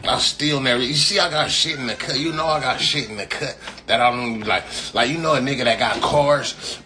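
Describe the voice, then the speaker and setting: A medium-pitched male streamer from California rambles through casual live talk with his viewers, heard over background noise. His speech is profane and stuffed with slang and repeated phrases.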